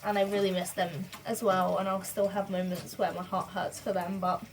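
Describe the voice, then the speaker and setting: A young woman in her home, talking softly and heartfelt to camera in a rambling video diary. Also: medium pitch, little pitch movement, normal speed, slight background noise. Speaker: vlogger. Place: home room with pet enclosure.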